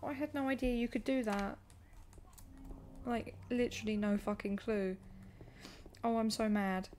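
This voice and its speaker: A woman's voice: a little high, steady tone, measured pace, darkish tone, a little hiss or hum. A British woman streaming a game live, chatting, swearing and laughing as she plays. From United Kingdom. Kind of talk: live gameplay commentary.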